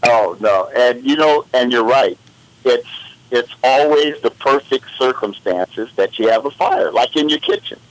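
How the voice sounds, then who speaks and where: A man's voice: medium pitch, measured pace, vocal fry, no room sound, rough recording. A man co-hosting a radio show, rambling in casual chat and getting worked up as he tells stories. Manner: animated, rambling, exasperated storytelling. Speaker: radio co-host.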